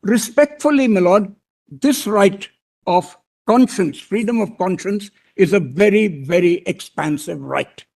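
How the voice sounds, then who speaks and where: A man with an Indian English accent argues before a court bench, his voice sitting fairly high for a man. He speaks in a deliberate, deferential way, repeatedly addressing the judges as he builds his legal point. The delivery is measured courtroom advocacy. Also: gravelly, a little mellow.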